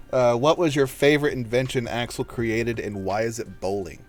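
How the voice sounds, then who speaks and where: A man's voice: mid-range voice, steady tone, moderate pace, faint music behind. A man hosting a casual podcast chat about a tabletop game, joking, laughing often and swearing freely. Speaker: podcast host.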